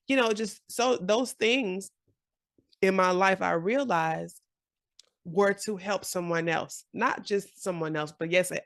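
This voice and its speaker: Gravelly-voiced encouraging woman in her forties. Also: on the low side, dry recording, studio quality. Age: 40s. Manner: animated, encouraging, slips into quoted voices and laughs often. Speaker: journaling vlogger. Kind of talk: casual motivational talk to camera.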